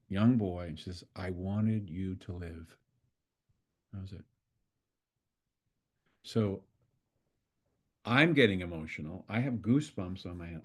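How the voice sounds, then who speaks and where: An older man with a somewhat low voice tells a story as a facilitator. He talks in a loose, conversational way. He slips into the voices of the people in his story as he goes. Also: a little mellow, breathy edge. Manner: conversational, acts out dialogue with swearing quotes. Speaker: constellation facilitator. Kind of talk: storytelling in an online talk.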